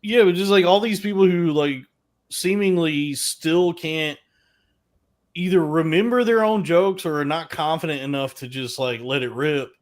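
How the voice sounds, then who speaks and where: A man's voice: fairly high pitch, normal speed. A man co-hosting a podcast, explaining at length in casual chat. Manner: long-winded, explaining. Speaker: podcast co-host.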